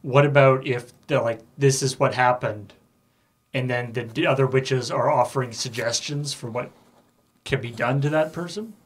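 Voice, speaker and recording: Man, mid-pitched, thoughtful, hesitant idea-floater. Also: normal speed, breathy edge. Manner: thoughtful, hesitant, poses questions. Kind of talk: casual brainstorming chat.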